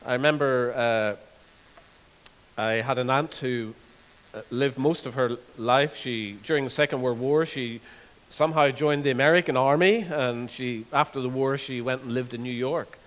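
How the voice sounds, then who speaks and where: A man preaching a sermon, earnest, repeating words and slowing down to stress scripture. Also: medium pitch. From Northern Ireland. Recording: long hall reverb.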